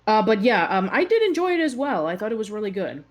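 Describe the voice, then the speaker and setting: A woman's voice: mid-range voice, very animated, quick pace. A woman co-hosting a casual chat show, talking hesitantly with lots of fillers and restarts. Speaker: show co-host.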